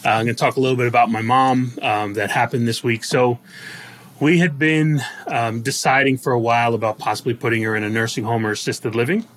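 A man's voice: mid-range voice, fairly even intonation, a little fast, fairly bright tone. Middle aged guy cohosting a podcast, jokey laughy storyteller, plain mid voice. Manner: joking, self-deprecating storyteller who laughs often. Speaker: podcast co-host. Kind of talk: casual chat.

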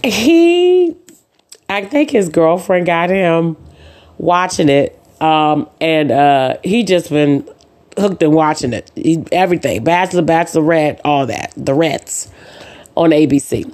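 With a low, darkish voice, lively intonation, and a slow pace, this podcast host chats about her own life. She plays out both sides of past conversations as she tells stories and leans often on "um" and "uh."

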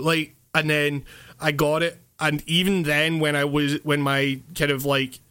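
A man's voice: a little high, normal speed. A man chatting casually about video games, rambling with many fillers and swearing, often laughing. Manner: animated, laughing. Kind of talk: casual chat.

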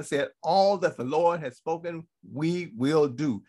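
A man's voice: on the high side, unhurried, slightly rough. A man giving a Bible teaching sermon to a congregation. He repeats his points for emphasis and keeps checking in with "okay?".

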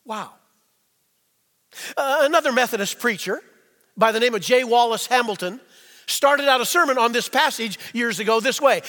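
High-pitched bright-voiced preacher in echoing hall. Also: male voice. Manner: rhetorical questions, slows for emphasis, swings between quiet and loud. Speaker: pastor. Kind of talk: sermon. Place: church sanctuary. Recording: long reverb in a church hall.

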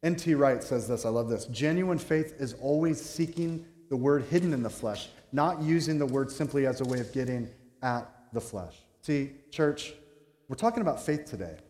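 A man preaching a sermon as a pastor, animated and joking, and acting out quoted voices. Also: mid-range voice, moderate pace. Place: church sanctuary. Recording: echoey hall with long reverb.

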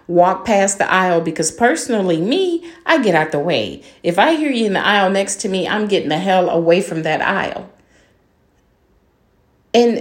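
An older woman and grandmother delivering a heated, blunt monologue, swearing and firing off rhetorical questions at her listeners. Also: lowish voice. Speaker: podcast host. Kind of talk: angry monologue rant. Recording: roomy echo.

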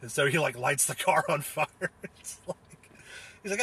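A young man with a husky, bright-edged voice talks in a loose, rambling way. He leans on fillers and restarts, laughs through his words and swears freely. His tone stays casual and unscripted throughout. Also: on the high side, normal speed. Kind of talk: casual solo chat recounting a comedy show.

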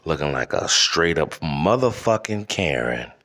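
A man hosting a podcast, delivering a rambling, profane comedic rant with halting restarts. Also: rumbling low, very animated, fairly bright tone. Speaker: podcast host.

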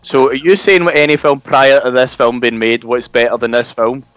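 A man's voice: medium pitch, fairly even intonation, moderate pace, a bit bright, dry recording, faint music behind. A young man in a casual podcast chat, stubbornly arguing his opinion against the others. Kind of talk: casual banter.

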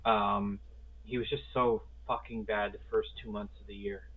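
This sports podcast co-host has a fairly low voice with little pitch movement and speaks at a moderate pace. He talks in a casual, enthusiastic, rambling way, dropping the odd swear word, and the sound is narrow and phone-like.

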